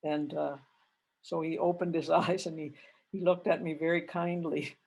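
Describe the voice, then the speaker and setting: An older Canadian woman, a religious sister, giving a gentle reflective retreat talk over a video call and telling personal stories with rising feeling. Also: sits low, normal speed, creaky, slightly rough. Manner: gentle, reflective, grows animated retelling stories. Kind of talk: spiritual reflection with personal storytelling.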